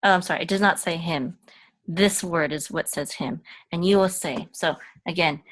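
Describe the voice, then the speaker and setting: A woman's voice: steady tone, moderate pace, dry recording. A woman teaching a Hebrew reading lesson, patiently sounding out letters and vowels and chanting the verse in a raised voice. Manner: patient, repeats syllables, chants cantillation in a higher voice.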